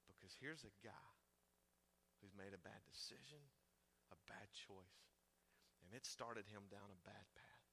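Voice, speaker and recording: A man preaching a sermon in a church, talking to the congregation in a conversational way that swings from loud emphasis to hushed tones. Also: lowish voice, slight background noise. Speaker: pastor.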